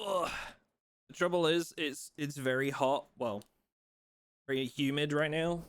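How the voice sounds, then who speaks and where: A man's voice: fairly high pitch, steady tone, a little slow, clear, resonant tone, dry recording. A man live-streaming a video game, chatting casually with his viewers and playfully complaining. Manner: playful, mock outrage, talks to his dog in a soft voice.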